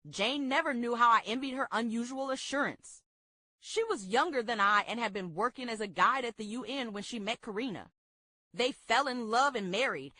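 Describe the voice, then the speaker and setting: A woman reading a memoir aloud at a book club in a steady, expressive way. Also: fairly high pitch, no echo.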